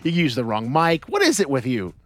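Lively-voiced male radio co-host. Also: mid-range voice, fairly quick, soft background music. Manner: playful, teasing, reads out the text number. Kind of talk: casual radio banter. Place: radio studio.

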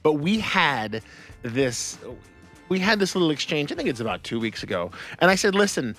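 A man's voice: a little high, sing-song, normal speed, fairly bright tone, faint music behind. An American man hosting a radio show in a studio, talking casually and animatedly with lots of laughs and restarts. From United States. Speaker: radio host. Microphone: studio microphone.

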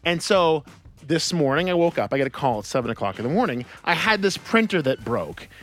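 A man's voice: fairly high pitch, big pitch swings, fairly quick, soft background music. An American man hosting a radio show in a studio, talking casually and animatedly with lots of laughs and restarts. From United States. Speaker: radio host. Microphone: studio microphone.

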